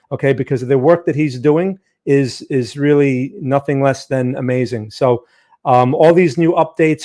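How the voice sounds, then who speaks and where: A man's voice: fairly high pitch, warm tone. A man hosting a live trading stream, chatting casually, greeting viewers by name, with frequent fillers and restarts.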